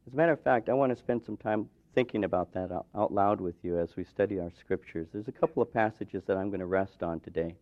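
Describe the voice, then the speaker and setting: A man's voice: lowish voice, fast talker, few pauses. A man preaching a sermon in a church, retelling scripture with dramatic rises and drops in intensity. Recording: dull lo-fi sound.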